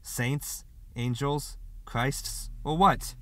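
A man voicing an aloof, superior tattoo artist who speaks in a cool, measured way. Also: medium pitch, a bit bright, no echo. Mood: matter-of-fact.

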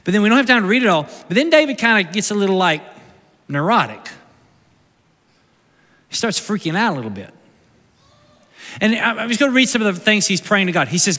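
A male pastor preaching a conversational sermon, moving from loud bursts to hushed, slow lines, recorded live in a church sanctuary. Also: sits high, very animated, in a large hall.

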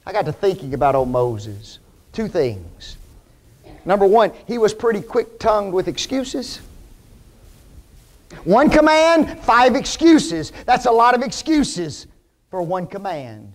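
High-voiced man preaching a sermon. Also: big pitch swings, takes it slowly. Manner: emphatic, rhetorical questions to the congregation.

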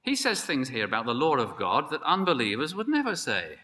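A man preaching a sermon, emphatic and building to excited peaks. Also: medium pitch, fairly quick. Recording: long hall reverb.

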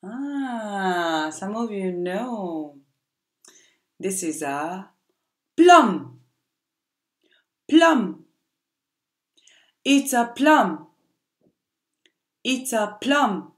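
A woman teaching a playful vocabulary game to children, speaking in a slow, exaggerated teacher voice. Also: mid-range voice, animated. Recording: echoey room.

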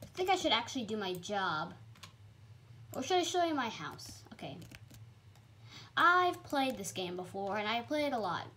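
Young female gamer, higher voice, bouncy delivery, faint keyboard clicks behind. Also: normal speed, pauses often, slight background noise. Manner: excitable, chatty, sudden high squeals. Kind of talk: casual gameplay commentary.

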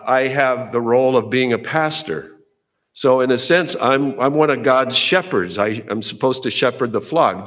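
A middle-aged man preaching in a church sanctuary, his voice trailing off into a long reverberant tail from the hall. He talks at a middle pitch and keeps a folksy, conversational manner, often restarting phrases. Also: a bit bright. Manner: conversational, folksy, repeats words as he goes. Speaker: pastor. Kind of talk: sermon.

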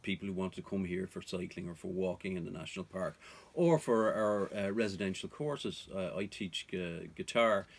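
A man's voice: low-pitched, moderate pace, creaky, hardly any pauses. A man vlogging about off-grid life, talking to viewers in an earnest, cautionary way. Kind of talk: casual advice to viewers.

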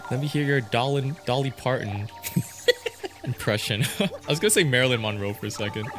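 A man's voice: medium pitch, fairly quick, soft background music. A young adult man laughing and joking while playing a video game on a let's play. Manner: laughing, excitable, goofy. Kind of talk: casual gaming chat.

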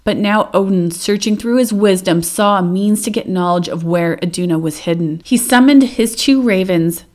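Woman, storybook narrator, gentle, measured, mid-pitched. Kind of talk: storybook read-aloud narration.

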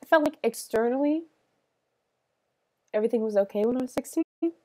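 Teary young woman streamer, soft and halting. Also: a little high, no echo. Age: young adult. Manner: soft, halting and rambling, many fillers. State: tearful and sniffly. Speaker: livestreamer. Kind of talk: casual stream chat while gaming.

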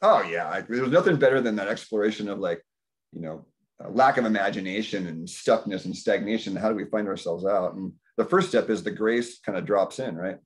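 Going a little fast, a man in his fifties gives an informal, meandering talk to an indoor community dinner gathering. He is a health practitioner who tells stories vividly, performing his own thoughts in a higher voice.

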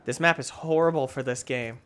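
A young man hosting gameplay commentary, swinging between loud outbursts and low muttering while he plays. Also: fairly quick, slight background noise. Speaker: gaming channel host.

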